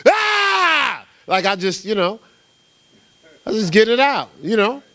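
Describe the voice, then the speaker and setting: A man's voice: high-pitched, normal speed, no room sound. A middle-aged man from New Jersey preaching a sermon as pastor, telling stories casually and often asking "right?". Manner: animated storytelling, casual and conversational, with repeated "right?".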